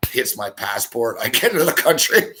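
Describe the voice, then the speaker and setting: A middle-aged Canadian man hosting a show, telling a profane, animated story and swearing constantly. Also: medium pitch, slight background noise. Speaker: host.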